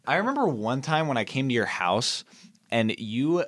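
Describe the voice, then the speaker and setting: A man's voice: medium pitch, big pitch swings, moderate pace, fairly bright tone, no echo, studio quality. A young man co-hosting a casual podcast, laid-back and blunt, swearing freely. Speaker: podcast co-host.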